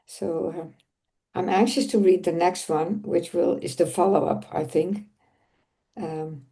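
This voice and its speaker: A woman's voice: fairly low pitch, fairly even intonation, a little slow, dark tone. A woman in a discussion group, speaking hesitantly and using many fillers. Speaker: group member.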